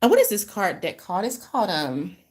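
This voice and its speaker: A woman hosting a casual card-reading channel, talking in a loose, rambling way. She stumbles, restarts her sentences and keeps apologizing. Her voice sits at an ordinary middle pitch. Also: wildly swooping pitch, brisk, darkish tone, breathy edge. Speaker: intuitive reader, host.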